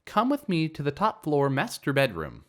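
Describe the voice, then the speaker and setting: A man's voice: on the high side, huge pitch swings, moderate pace, voice pushed up. A man voicing a stern, exasperated woman homeowner in a story reading. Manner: firm, exasperated.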